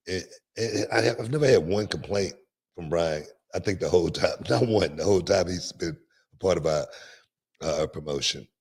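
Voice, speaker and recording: A man's voice: deep voice, a little mellow. A middle-aged man hosting a podcast, telling stories in a laid-back, repetitive way and laughing often. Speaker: podcast host and wrestling promoter. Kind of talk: casual podcast storytelling. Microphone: podcast microphone, remote stream.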